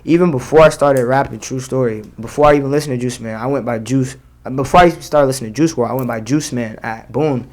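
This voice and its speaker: A man's voice: mid-range voice, fast talker, hardly any pauses, darkish tone. A young man, a rapper, talking casually in an interview, full of slang and fillers. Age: young adult. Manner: slangy, loose, many fillers. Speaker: rapper guest.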